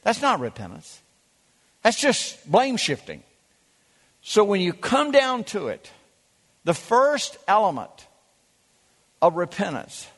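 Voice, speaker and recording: A man preaching a sermon as pastor, emphatic, with dramatic pauses and drawn-out words. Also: high voice, big-room sound.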